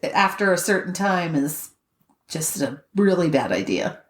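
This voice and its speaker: A woman whose voice leaps up and down as she chats, quick to giggle and react with delight. She sounds like she is in an echoey room. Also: lowish voice, very animated. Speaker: podcast co-host. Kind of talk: casual chat.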